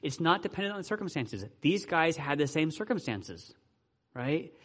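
A fairly high-voiced man preaches in a relaxed, conversational way. He keeps checking in with his listeners through rhetorical questions and casual asides. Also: moderate pace. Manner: asks the audience frequent rhetorical questions; informal, with fillers like "right" and "you know". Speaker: pastor. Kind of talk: conversational sermon.

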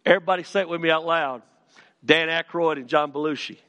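A man preaching a sermon as pastor in a church, moving from storytelling to fervent, shouted calls to his congregation. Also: fairly high pitch, fast, in a large hall. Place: church sanctuary.

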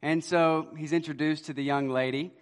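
A man preaching a sermon, telling stories and moving between loud emphasis and quiet, low lines. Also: steady tone, normal speed, clear, resonant tone, long reverb tail. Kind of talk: expository sermon.

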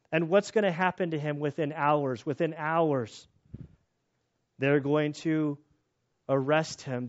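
Earnest preacher, breathless and lo-fi. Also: male voice, fairly high pitch. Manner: earnest, candid, restarts often, voice rises when emphatic. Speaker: pastor teaching through scripture. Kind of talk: expository sermon. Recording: dull lo-fi sound.

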